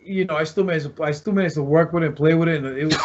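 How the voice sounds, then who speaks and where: A man's voice: a little high, fast. A former pro wrestler telling locker-room stories in casual chat, rambling and restarting as he acts out what others said. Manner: rambling, restarts often, acts out quoted lines. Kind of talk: casual storytelling. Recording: dull lo-fi podcast audio.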